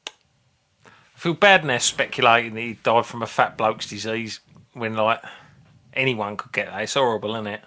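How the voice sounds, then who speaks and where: A man's voice: fairly low pitch, moderate pace, long pauses, pushed and bright. A man, co-hosting a casual comedy podcast in a blunt, sweary, rambling way. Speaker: podcast co-host.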